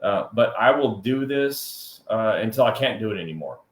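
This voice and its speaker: A man co-hosting a casual live chat show, talking in an animated, jokey way with quick asides. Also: fairly low pitch, echoey room. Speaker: co-host of a live workers' comp chat show.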